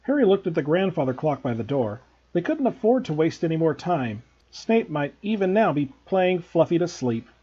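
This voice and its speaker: A male teacher reads a children's novel aloud with a husky, mellow voice and a lively, expressive lilt. His pitch sits a little high. The recording is dull and lo-fi. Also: normal speed. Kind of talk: storybook read-aloud narration.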